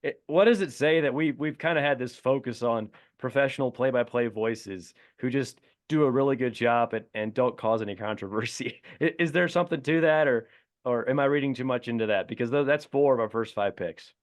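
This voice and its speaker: A man's voice: medium pitch, fairly quick. A man co-hosting a casual sports podcast, thinking aloud in an easygoing way. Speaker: podcast co-host.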